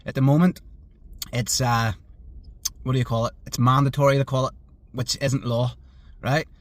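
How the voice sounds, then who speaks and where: A man's voice: mid-range voice, steady tone, moderate pace, no room sound. A man making an earnest, urgent appeal to his viewers, pleading with frequent fillers. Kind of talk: earnest social media appeal.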